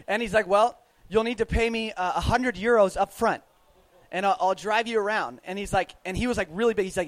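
A young man with a high voice tells a travel story to a live audience. He talks casually, stumbles through restarts and "like"s, and stays animated throughout. The sound is close and dry, with no room echo. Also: a little fast. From United States. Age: young adult.

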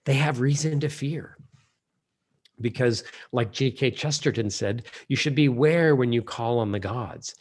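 A man with a gravelly, husky voice reads passages from a novel and reflects on them like a preacher. He sometimes sinks into a breathy whisper between his readings. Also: medium pitch, a little slow, a little mellow. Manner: reads quotes aloud, drops to an unvoiced whisper at times.

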